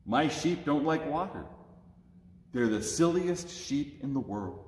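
A man's voice: fairly high pitch, lively intonation, slow pace, a little mellow. Zach, an earnest young shepherd, as a man reads him aloud. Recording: echoey church with long reverb.

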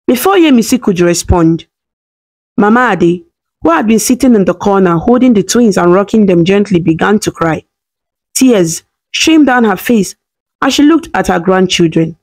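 Woman narrating a story, even and dramatic, middle pitch. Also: moderate pace.

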